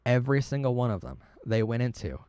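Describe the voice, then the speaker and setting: A man's voice: mid-range voice, very animated, fast talker, darkish tone, clear, resonant tone, dry recording. A man hosting a live stream, talking earnestly and emotionally, often stumbling and restarting his words. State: tearing up. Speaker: livestream host.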